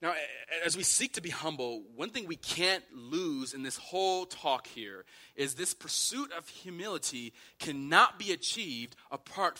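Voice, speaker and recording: A man's voice: fairly high pitch, pushed and bright. A man preaching a sermon as pastor, repeating phrases and building to impassioned emphasis.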